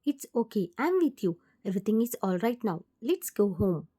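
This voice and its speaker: A woman's voice: mid-range voice, sing-song, normal speed, mellow, husky. A woman voicing a cold but tender young mafia husband in a fan-fiction audio story, reading his soothing lines plainly. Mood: reassuring.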